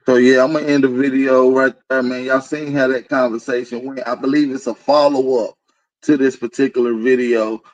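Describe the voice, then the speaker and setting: A man hosting a live stream, reacting to a video in a casual, slangy and excitable way. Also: medium pitch, a little fast, no room sound, dull audio.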